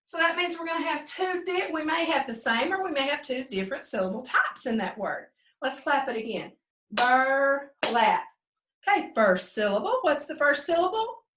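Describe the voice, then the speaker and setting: A woman teaching a second grade phonics lesson to children, slow and sing-song, stretching out the sounds. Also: sits high, big pitch swings, fairly bright tone. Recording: echoey room, a bit distant.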